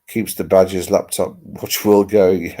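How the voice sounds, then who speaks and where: The voice is deep and mellow, fairly flat in pitch, with a measured pace. Its owner is a livestream host chatting casually with viewers from home, laptop on his lap and speaking into its mic, rambling on with mild swearing.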